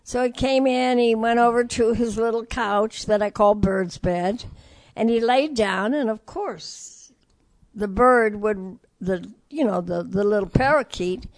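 An older woman from Detroit, a jazz singer telling stories in an interview, animated and acting out the voices of the people she quotes. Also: fairly high pitch, a little slow, no room sound. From Detroit, USA. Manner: lively storyteller who acts out quoted voices. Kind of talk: storytelling interview.

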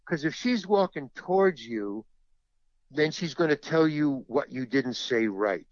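A man's voice: fairly high pitch, expressive, a little slow, no echo, dull audio. A man who is an actor and stand-up comedian, telling an anecdote in an interview and acting out other people's lines.

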